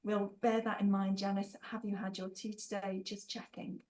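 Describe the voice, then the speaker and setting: A woman's voice: medium pitch, level tone, moderate pace, darkish tone, a little hiss or hum, rough recording. A woman hosting a live online workshop, bubbly and playful, reading out chat replies with teasing asides and frequent laughter.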